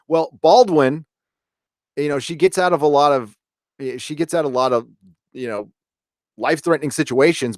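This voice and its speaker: A man hosting a casual live stream, reviewing an episode and reading out viewer comments in a rambling, relaxed way. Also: mid-range voice, no room sound, studio quality. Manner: rambling and relaxed, many fillers and restarts.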